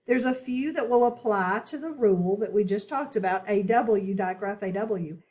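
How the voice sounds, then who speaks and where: A woman's voice: medium pitch, moderate pace, a little mellow, echoey room. A woman teaching a phonics lesson step by step, checking in often with "okay?" as she walks through a worksheet. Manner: patient, step-by-step instruction with frequent "okay?" check-ins.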